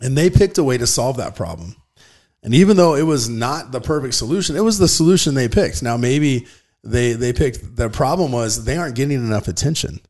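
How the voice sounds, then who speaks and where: A man's voice: medium pitch, lively intonation, brisk, darkish tone. A man in his thirties, a father co-hosting a podcast, talking earnestly and rambling with frequent restarts. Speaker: podcast co-host. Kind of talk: casual podcast chat.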